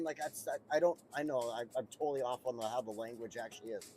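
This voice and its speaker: Soft music plays behind this American streamer as he rambles through a city-building game, cursing freely and chuckling often. He speaks quickly with hardly any pauses in a darkish, mid-range voice.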